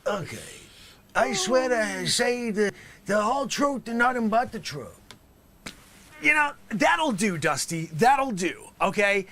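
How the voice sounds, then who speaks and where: A man hosting an improv comedy show, hamming it up as a lawyer in a mock courtroom, swinging from loud calls to near whispers. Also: high-pitched, animated, slow. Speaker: host. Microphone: video call.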